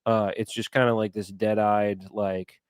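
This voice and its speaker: Rambling man, low dry voice. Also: little pitch movement, unhurried, clean tone, no room sound. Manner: rambling, hesitant, many fillers. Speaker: podcast co-host. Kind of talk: casual chat.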